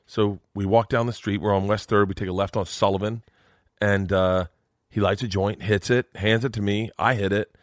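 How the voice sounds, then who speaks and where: A male stand-up comedian telling a story as a podcast guest, animated and profane. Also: on the low side, moderate pace, no echo, clean studio sound. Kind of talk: comic storytelling.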